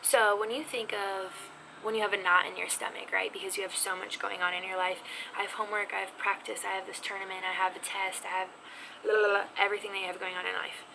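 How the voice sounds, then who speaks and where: A woman's voice: mid-range voice, flat delivery, fast, vocal fry, noisy background. A woman teaching sign language vocabulary in a chatty, self-teasing way, now and then dropping to a whisper, recorded at home. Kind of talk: casual video lesson. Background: neighbor's music faintly heard.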